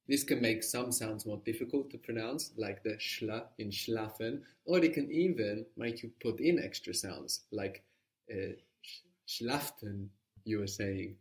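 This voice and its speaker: A man's voice: medium pitch, darkish tone. A man teaching a language lesson, explaining patiently and encouraging his student.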